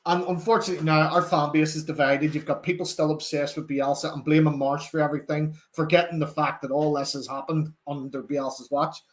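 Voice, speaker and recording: A man's voice: fairly high pitch, level tone, fairly quick, few pauses. A young man with a Northern Irish accent, hosting a live football watchalong, chatting animatedly and reading out viewer comments. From Northern Ireland. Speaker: fan channel host.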